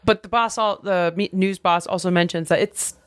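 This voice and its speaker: A woman co-hosting a podcast, recapping a TV episode in casual, animated chat. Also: fairly low pitch, clear, resonant tone, no room sound, clean studio sound. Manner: animated, with quick bursts and sung imitations. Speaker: podcast co-host.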